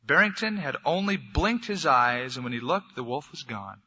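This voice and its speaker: Bright-voiced man preaching through a story. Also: a little high, moderate pace, hardly any pauses, husky. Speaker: pastor. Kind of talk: sermon storytelling. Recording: dull lo-fi recording.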